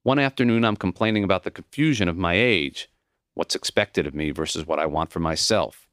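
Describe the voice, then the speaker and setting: A man's voice: low-pitched, brisk, a bit bright, no echo, clean studio sound. A man reading his own memoir as an audiobook narrator, telling the story in a reflective, intimate first person.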